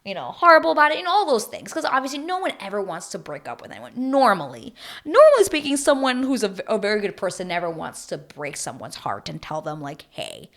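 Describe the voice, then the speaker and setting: A woman's voice: medium pitch, very animated, fast, a bit bright. A young woman recapping a reality dating show to her viewers in a chatty, gushing way, full of fillers and emotional asides. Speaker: recap vlogger.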